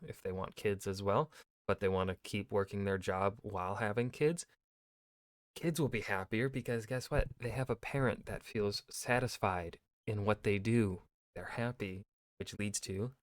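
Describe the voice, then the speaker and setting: A man's voice: on the low side, dry recording, studio quality. Casual, swearing male reaction host. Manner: loose, chatty, with frequent swearing and rhetorical "right?". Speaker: YouTube host reacting to a video.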